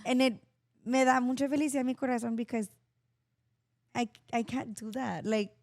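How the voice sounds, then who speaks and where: A middle-aged woman co-hosting a podcast, chatting casually and expressively, with quick bursts of laughter. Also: on the high side, fairly even intonation, a little mellow, no echo, clean studio sound. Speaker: podcast co-host and mother. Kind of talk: casual chat.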